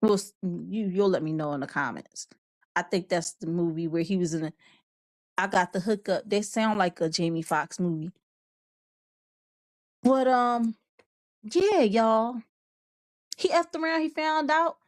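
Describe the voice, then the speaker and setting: A woman's voice: fairly low pitch, animated, moderate pace, no room sound. A woman hosting a live online show in a casual, rambling way. She laughs often and reads out viewer comments. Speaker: show host. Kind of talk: casual livestream chat.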